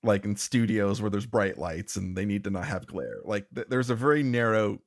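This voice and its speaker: A man's voice: on the low side, moderate pace. A man co-hosting a podcast, rambling in casual chat, restarting sentences and laughing often. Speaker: podcast co-host.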